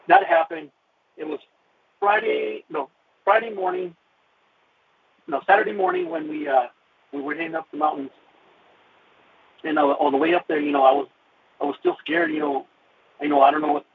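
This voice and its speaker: A man telling his personal faith testimony, emotional and halting, with many "you know" fillers, over a phone-like radio line. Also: fairly high pitch, creaky, slight background noise. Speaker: guest sharing his testimony.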